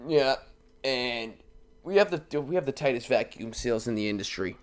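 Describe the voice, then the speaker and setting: Male podcast co-host, crude, jokey banter, middle pitch. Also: animated. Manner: crude, jokey, quick to laugh. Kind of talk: casual chat.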